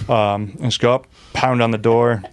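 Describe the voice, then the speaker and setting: A man, sitting as a guest on a podcast, spins a rowdy tale in loose, profane chat. He laughs through his own story and pitches his voice up whenever he quotes someone. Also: fairly even intonation, normal speed, clear, resonant tone. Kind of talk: casual storytelling.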